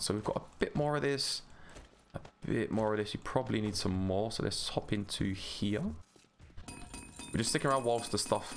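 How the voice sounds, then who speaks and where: A man's voice: fairly low pitch, slight background noise. A man with a London accent chatting casually on a live stream while playing a game, greeting viewers by name. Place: home gaming room.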